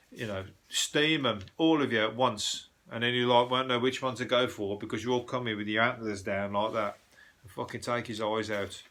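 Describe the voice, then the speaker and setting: A man's voice: on the low side, fairly bright tone. A man hosting a podcast, ranting through the news in a rambling, profane comic style. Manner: sweary, rambling, puts on quick voices for people he mocks. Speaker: podcast host.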